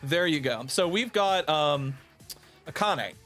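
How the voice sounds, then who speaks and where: A man hosting a stream in casual chat, animated and swearing, with frequent laughs. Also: fairly high pitch, takes it slowly, soft background music. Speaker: stream host.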